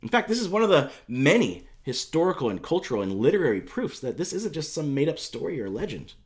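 Lively conversational male preacher. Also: on the high side, fast talker. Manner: conversational, emphatic storytelling with fillers. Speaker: pastor. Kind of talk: sermon.

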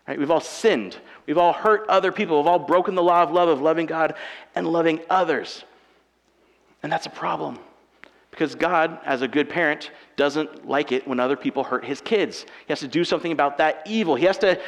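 A man in his thirties delivers a conversational sermon in a church auditorium, his fairly high voice carrying a gravelly edge. He drifts from quiet, chatty asides to loud, emphatic declarations. The sound rings with long hall reverb from the sanctuary. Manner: conversational preaching, swinging between soft asides and loud emphatic passages. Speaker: pastor.

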